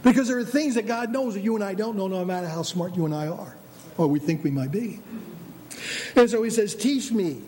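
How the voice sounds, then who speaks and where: A man preaching a sermon as pastor, animated, acting out the voices of God and believers. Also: high voice, brisk.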